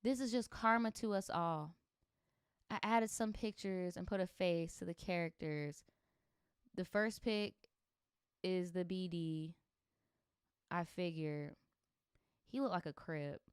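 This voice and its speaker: A young woman reads viewer stories on a livestream and breaks in with sassy, animated, profane reactions. Her voice sounds smooth and clear, and the sound is dry and close. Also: on the low side, slow, long pauses, no room sound. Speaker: streamer reading viewer stories. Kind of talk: livestream story reading with commentary.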